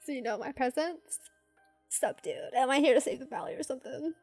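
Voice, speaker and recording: A woman's voice: high voice, a little fast, faint music behind. A young woman hosting a gaming video, reading a game's narration aloud and cracking jokes back at the characters. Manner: animated, joking, talks back to the characters. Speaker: gaming channel host. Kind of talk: reading a game aloud with live commentary.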